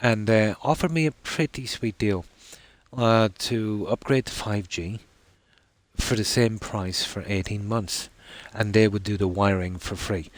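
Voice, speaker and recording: A man's voice: on the low side, dry recording. Rambling Irish man telling a story. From Ireland. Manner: rambling anecdote, frequent "I said". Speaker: streamer. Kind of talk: casual storytelling while streaming.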